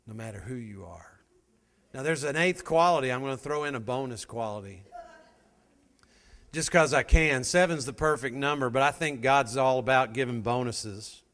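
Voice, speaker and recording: A man's voice: mid-range voice, fairly bright tone. A middle-aged man giving a folksy motivational talk to a live audience, telling stories and addressing listeners directly. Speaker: motivational speaker.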